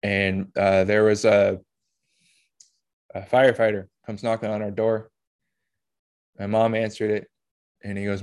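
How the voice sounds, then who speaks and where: Low, flat-voiced man telling a personal story. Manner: emotional, halting, with blunt swearing. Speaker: podcast host.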